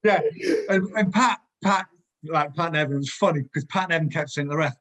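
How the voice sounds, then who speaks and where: A man's voice: a little high, fast, a bit bright. A man, a former footballer telling rambling anecdotes in a casual chat. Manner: rambling anecdotes, digresses, laughs often.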